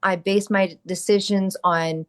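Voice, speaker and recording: Middle-aged woman guest, emphatic and candid, mid pitch, conversational interview. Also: measured pace. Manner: energetic, emphatic, rhetorical questions and answers. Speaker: podcast guest, entrepreneur.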